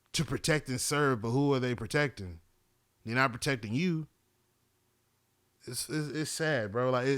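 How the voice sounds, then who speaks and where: A man's voice: mid-range voice, a bit bright, clear, resonant tone, no room sound. Rambling male podcast host, dry sound. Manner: rambling, repeats "you know what I'm saying", swears freely. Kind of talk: casual chat, monologue.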